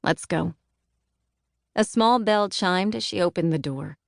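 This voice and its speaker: A woman narrating a novel as an audiobook in an even, measured manner. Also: mid-range voice, gravelly, no room sound, clean studio sound. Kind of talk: scripted narration.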